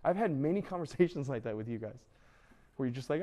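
A man's voice: mid-range voice, brisk, dull audio. A man in his thirties, a youth pastor, preaching a casual sermon to teenagers and acting out their quoted voices. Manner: conversational, animated, acts out quoted voices.

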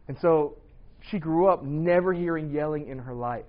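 Brief: male preacher, 30s, slightly high voice, loud and animated, casual sermon on a muffled lo-fi recording. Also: normal speed, gravelly. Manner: loud, animated, joking asides. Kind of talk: casual sermon to young adults. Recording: dull lo-fi recording.

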